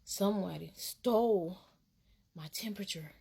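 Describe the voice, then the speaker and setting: A woman from Alabama, telling a casual storytime in an animated, dramatic way with laughs. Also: mid-range voice, a little slow, gravelly, slightly rough. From Alabama, USA. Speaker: vlogger.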